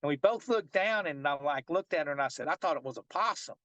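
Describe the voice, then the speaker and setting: A man's voice: a little high, expressive, fast talker, a bit bright, dry recording, lo-fi sound. A man working as a fishing guide, telling a long story in a casual interview and rambling with many restarts and fillers.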